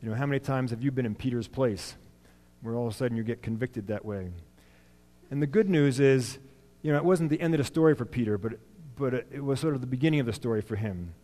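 Long hall reverb fills the recording as a lay preacher talks quickly through a relaxed church sermon. His medium-pitched, mellow voice is plain and chatty, frequently restarting and leaning on fillers.

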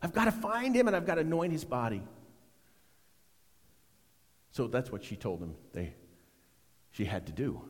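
A middle-aged man preaching a sermon, swinging between loud emphasis and hushed, almost whispered lines. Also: mid-range voice, expressive, moderate pace, pauses often, big-room sound. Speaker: pastor.

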